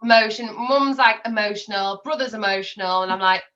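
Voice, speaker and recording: A woman's voice: mid-range voice, brisk, sharp tone, muffled recording. A woman, a podcast guest chatting openly and telling personal stories. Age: 20s. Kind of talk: casual chat.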